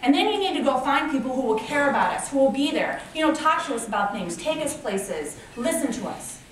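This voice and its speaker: A woman's voice: sits high, lively intonation, a little fast, distant mic, a little hiss or hum. A woman voicing teenagers in juvenile detention giving blunt, earnest advice, recorded from afar in an echoey hall.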